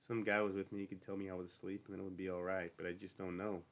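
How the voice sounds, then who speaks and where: A man's voice: sits low, flat delivery, very fast. A man reading the part of a lonely, bitter older stable hand who talks in a brooding, needling rural drawl. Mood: lonely, wistful.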